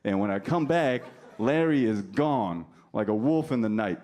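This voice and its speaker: A male comedian from New Jersey performing stand-up, teasing the crowd in a deadpan way while telling stories. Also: lowish voice, normal speed. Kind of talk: stand-up routine with crowd work. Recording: live club recording with audience noise. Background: audience laughter.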